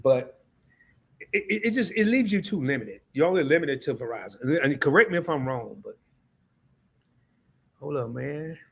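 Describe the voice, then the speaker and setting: A man hosting a casual live stream, talking straight to his chat. He gets excited, repeats himself and restarts often. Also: fairly high pitch, moderate pace, gravelly, long pauses, breathy edge.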